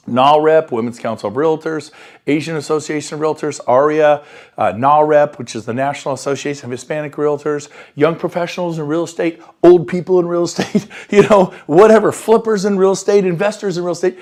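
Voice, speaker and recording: A man coaching real estate agents on prospecting, talking with high enthusiasm and acting out quoted phone calls. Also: darkish tone. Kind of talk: motivational coaching talk. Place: Sacramento area.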